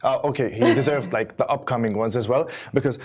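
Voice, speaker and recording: A man's voice: medium pitch, fast, a little mellow. A man co-hosting a casual studio chat, a bit nervous, with hesitant speech and frequent stammers and restarts. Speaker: co-host.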